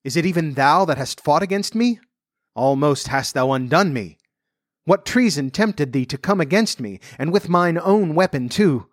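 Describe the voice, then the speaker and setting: A man's voice: on the high side, lively intonation, moderate pace, no room sound, studio quality, pitched above the performer's own voice, lightly acted. A man voicing a proud, wounded medieval king in an audiobook reading, speaking archaic courtly lines in a commanding way. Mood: anguished.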